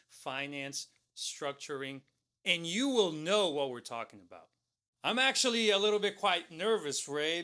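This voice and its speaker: Bright high-voiced man telling a parable. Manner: keeps adding "right?" and "okay?". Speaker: co-host. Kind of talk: motivational storytelling.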